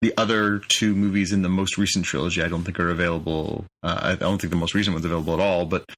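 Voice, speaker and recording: A man's voice: sits low, fairly even intonation, quick pace, fairly bright tone. A man co-hosting a podcast in casual chat, dry in manner and reading out bits of news articles. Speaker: podcast co-host.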